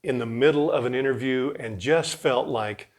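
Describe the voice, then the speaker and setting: A host of a community interview show. The voice sits at a middling pitch. The delivery is chatty and encouraging. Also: normal speed. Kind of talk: casual interview.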